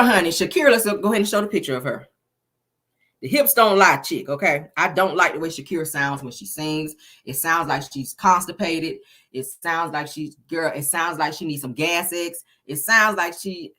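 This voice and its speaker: Sassy chatty woman with lively swooping pitch. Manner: sassy, chatty, calls viewers honey and baby. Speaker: celebrity gossip host. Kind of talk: casual gossip commentary.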